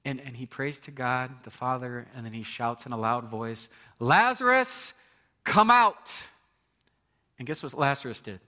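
A man's voice: medium pitch, flat delivery, brisk, hardly any pauses, pushed and bright. A man preaching a sermon, earnest and building to emphatic points, with frequent restarts. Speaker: pastor.

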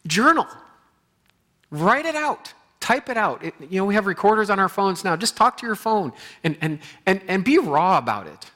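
A male pastor preaching a sermon in an earnest, conversational way, often restarting his sentences and moving between quiet passages and animated bursts. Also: high-pitched.

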